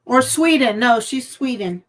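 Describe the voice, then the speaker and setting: A woman's voice: expressive, measured pace, low-quality recording. A woman hosting a casual craft live stream from home, chatty and friendly. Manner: chatty, breaks into high baby talk with her dog. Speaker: craft channel host.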